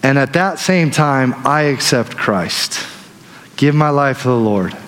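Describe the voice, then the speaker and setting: A man preaching a sermon as pastor, telling stories in an animated way that swings between loud and hushed. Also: mid-range voice, slow pace. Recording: long hall reverb.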